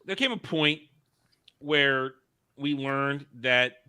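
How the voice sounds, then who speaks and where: A man with a bright, mid-pitched voice sits on a podcast panel in casual chat. He tells stories in an animated way and laughs often. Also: slow pace, smooth.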